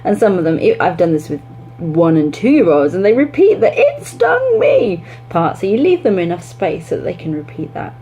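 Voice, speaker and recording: A young woman, an English teacher, giving classroom tips in a chatty way, breaking into lively demonstrations. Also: on the low side, brisk, a little hiss or hum, poor audio.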